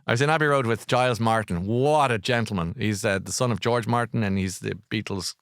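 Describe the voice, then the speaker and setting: A middle-aged Irish man talking casually about books on a live show, rambling and animated as he tells stories. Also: lowish voice, fairly quick, smooth, no echo, studio quality. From Ireland. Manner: chatty, digressive, animated storytelling. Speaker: broadcaster recommending books.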